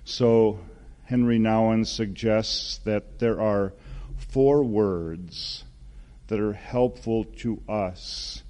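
A man in his sixties, a pastor preaching a gentle, earnest sermon. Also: lowish voice. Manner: slow, gentle, earnest preaching with soft spoken quotes.

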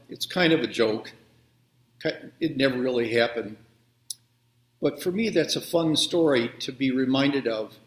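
Slow-spoken male preacher. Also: mid-range voice, sharp tone. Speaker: pastor. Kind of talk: children's sermon and prayer. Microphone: video call. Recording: roomy echo.

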